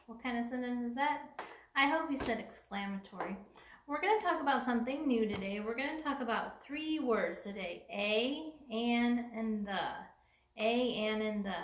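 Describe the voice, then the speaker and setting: A woman teaching a second grade lesson, speaking clearly and patiently and repeating each sentence slowly for young children. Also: a little high, fairly bright tone, roomy sound. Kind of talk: remote classroom lesson.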